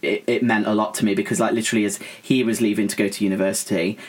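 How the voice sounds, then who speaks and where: A man's voice: fairly low pitch, flat delivery, rapid-fire, slightly rough. A young man co-hosting a podcast, chatting casually about films and rambling with fillers and restarts. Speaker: podcast co-host. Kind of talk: casual film chat.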